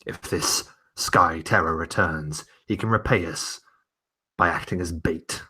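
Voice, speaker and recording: A man's voice: low voice, measured pace, pushed and bright, husky, exaggerated voice. A man voicing a haughty male knight who gives commands with open contempt. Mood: scornful.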